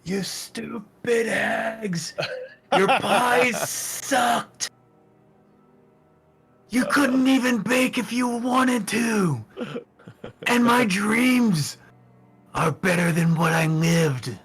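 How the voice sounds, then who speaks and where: A man's voice: high-pitched, drawn-out words, gravelly, slightly rough, pitched above the performer's own voice, exaggerated voice. A man playing a furious brute screaming insults at the top of his lungs. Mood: furious yelling. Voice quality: yelling, ranting.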